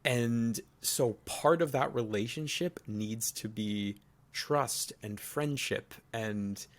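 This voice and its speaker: A man's voice: mid-range voice, slow pace. A man co-hosting a casual podcast, thinking aloud as he restates points and builds an argument. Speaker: podcast co-host.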